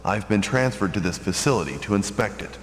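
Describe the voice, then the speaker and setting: A man's voice: fairly low pitch, expressive, fairly quick, lightly acted. An actor playing a cold, formal male commander in a video game, heard as distant, echoey game audio.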